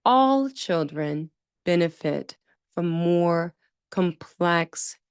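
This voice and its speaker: A woman hosting a podcast about speech therapy, telling stories with lively emphasis and acting out the voices of people she quotes. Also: lowish voice, extremely slow, smooth, no echo, clean studio sound. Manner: animated storytelling, acts out quoted voices, emphatic repetition. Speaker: speech-language pathologist podcast host. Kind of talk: solo podcast talk.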